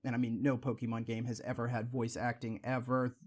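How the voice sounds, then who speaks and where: A man's voice: medium pitch, completely flat delivery, a little fast, darkish tone. A young man hosting a card-opening video, rambling in casual asides and exclaiming over shiny pulls. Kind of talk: casual pack-opening chat.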